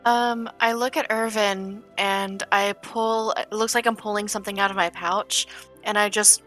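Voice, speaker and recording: Woman, tabletop player, playful, bright voice, faint music. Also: medium pitch, fairly even intonation, moderate pace. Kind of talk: playing a character at a tabletop game.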